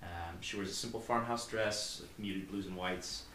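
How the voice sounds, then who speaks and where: Low-voiced, hesitant male game master. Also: steady tone, normal speed, sharp tone, echoey room, slight background noise, poor audio. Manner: hesitant, full of ums and restarts. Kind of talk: narrating a tabletop game.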